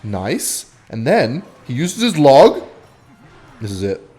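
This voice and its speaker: Young man, gaming vlogger, storytime commentary, lively swinging pitch, swears freely. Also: takes it slowly. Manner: animated, swearing, bursts of excitement while playing. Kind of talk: storytime commentary over gameplay.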